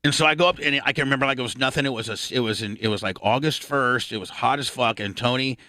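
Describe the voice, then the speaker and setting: A man in his fifties hosting a radio talk show, telling a rambling, profane story and clearing his throat often. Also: medium pitch, fast talker, pushed and bright, no room sound, studio quality.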